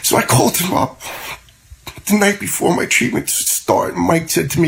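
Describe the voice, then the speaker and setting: A man's voice: high voice, wildly swooping pitch, moderate pace, gravelly, poor audio. A middle-aged man telling a personal story in a plainspoken, conversational way, often repeating words as he goes. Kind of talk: personal story told to listeners.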